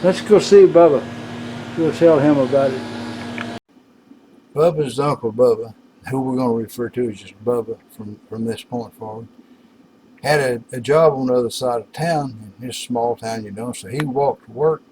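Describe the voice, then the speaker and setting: A man in his workshop telling a folksy joke to his viewers in a relaxed drawl. His voice sits in an ordinary middle pitch, and a faint hum runs underneath. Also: normal speed, poor audio. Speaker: workshop YouTuber. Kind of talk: casual joke-telling vlog.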